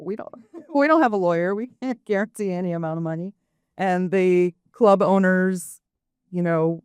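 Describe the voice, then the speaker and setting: A woman's voice: fairly low pitch, clean tone, no room sound, clean studio sound. A woman in her fifties, a panelist and former show booker, telling stories in a chatty way with light laughs. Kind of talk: live panel Q&A.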